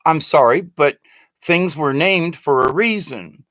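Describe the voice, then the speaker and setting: A man's voice: on the high side, takes it slowly, a bit bright, no echo. A man in his sixties from the United States talking in a rambling, casual monologue who keeps getting indignant and exasperated. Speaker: video blogger.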